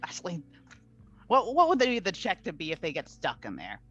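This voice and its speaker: Woman, tabletop player, rambling, lots of fillers, animated pitch, dull lo-fi sound. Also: fairly quick, slightly rough. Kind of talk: casual tabletop game chat.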